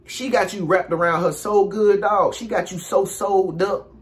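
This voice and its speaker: A man, giving casual relationship advice in an animated, preachy monologue. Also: high voice. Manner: animated, preachy, acts out quick impressions.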